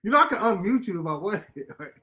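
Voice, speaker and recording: Excitable man with a fairly high voice. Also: fast. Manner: excitable, laughing, emphatic outbursts. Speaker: podcast host. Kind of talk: casual comic book chat.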